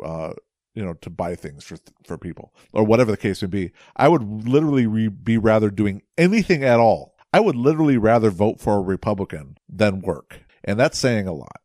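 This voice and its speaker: A man's voice: on the low side, darkish tone, dry recording, studio quality. A man co-hosting a podcast, talking casually in a frank, rambling way and telling a story. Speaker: podcast co-host. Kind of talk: casual conversational dialogue.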